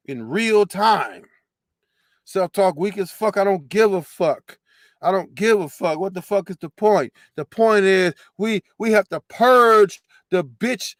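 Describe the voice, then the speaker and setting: A man with a high voice runs his own show, tearing into a replayed clip with profane, mocking commentary. He hammers the same phrases over and over. The sound is dry, with no room echo. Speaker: show host reacting to a clip. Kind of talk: casual reaction commentary.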